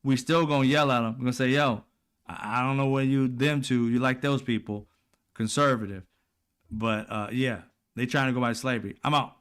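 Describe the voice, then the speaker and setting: A man's voice: medium pitch, fairly even intonation, normal speed, a bit bright, smooth. Heated, profane man ranting. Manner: blunt, profane, heated, informal speech. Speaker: political commentary host. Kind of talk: angry casual commentary.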